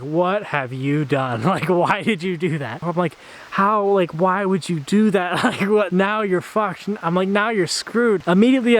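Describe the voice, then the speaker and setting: A young man telling a story in a casual, animated way, acting out the quotes and laughing often. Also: high-pitched. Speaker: vlogger.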